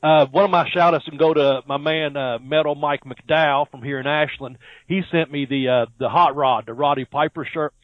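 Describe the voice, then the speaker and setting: A man's voice: fairly high pitch, steady tone, normal speed, no room sound, poor audio. Rambling man, dry close sound. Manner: rambling, lots of fillers and restarts, laughs easily. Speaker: podcast host. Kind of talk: casual chat.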